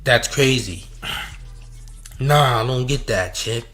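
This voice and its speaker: Brash mocking man with a bright voice. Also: medium pitch, takes it slowly, soft background music. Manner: mocking, trash-talking, repeats "champ". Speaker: commentary show host. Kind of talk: streamed reaction commentary.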